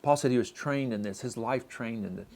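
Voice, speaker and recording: A man's voice: mid-range voice, fairly quick, a little mellow. A man preaching a sermon as pastor, in a conversational way, often restarting his sentences.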